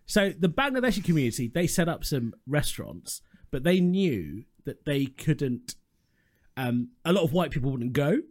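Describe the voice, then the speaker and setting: A man's voice: a little high, sing-song, normal speed. A man, a comedian guest on a podcast, explaining things with teasing asides. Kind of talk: casual comedy chat.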